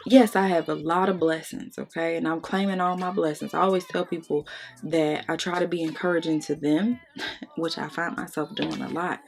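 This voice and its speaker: A woman's voice: sits low, gravelly. A young woman vlogger talking candidly during a makeup tutorial, blunt and profane, venting and close to tears. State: on the verge of tears. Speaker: beauty vlogger.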